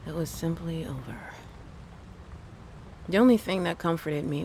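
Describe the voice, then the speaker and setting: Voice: medium pitch, unhurried, pauses often, darkish tone, slight background noise. A narrator reading a first-person scary story, with dry, wry asides. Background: faint thunderstorm ambience.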